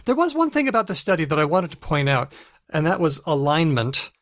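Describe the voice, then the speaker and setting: A man's voice: fairly high pitch, big pitch swings, fairly quick, fairly bright tone, dry recording, studio quality. A man co-hosting a podcast, explaining research studies in casual chat over a video call. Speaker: podcast co-host.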